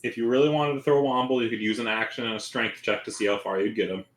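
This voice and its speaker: A man running a tabletop game as game master, narrating in a relaxed, loose way with fillers. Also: mid-range voice, fast talker, reverberant, poor audio.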